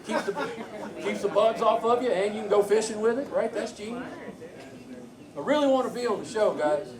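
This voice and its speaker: A man's voice: sits high, brisk. A man with a Southern accent doing a brash, crude stand-up set, bantering with the crowd in a bar. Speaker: stand-up comedian. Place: comedy bar stage. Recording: echoey club from far off, crowd.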